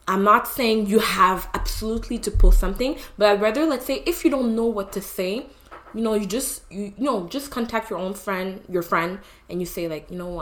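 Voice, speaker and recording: A young woman from Canada co-hosting a podcast, talking in a halting, emotional way with many fillers. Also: medium pitch, fairly bright tone. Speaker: podcast co-host. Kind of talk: casual chat.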